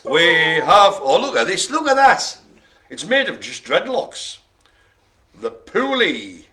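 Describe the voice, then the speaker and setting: A man's voice: high voice, sing-song, slow, pushed and bright. A man calling bingo as host, joking and laughing through playful banter. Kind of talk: jokey live bingo calling.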